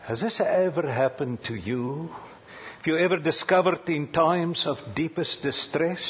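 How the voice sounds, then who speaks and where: A man preaching a sermon, swinging dramatically from loud cries down to near-whispers, with halting pauses and fillers. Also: on the high side, slightly rough. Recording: dull lo-fi recording.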